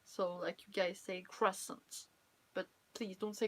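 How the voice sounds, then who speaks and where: Her voice is lowish, steady in tone, and unhurried. This young cosplayer from France speaks with a French accent while chatting playfully with her live stream audience, laughing a lot and teasing the viewers.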